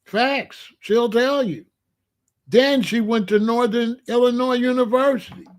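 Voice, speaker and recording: With a very high voice and an unhurried pace, this late-sixties male show host tells stories about his family. He keeps it casual, streetwise and boastful, peppering the monologue with slang.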